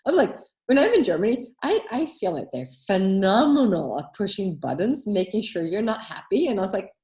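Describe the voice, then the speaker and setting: Lively woman coach in a roomy space. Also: medium pitch, brisk. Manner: animated storytelling, acts out quoted voices. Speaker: coach and workshop host. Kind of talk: casual workshop talk with anecdotes.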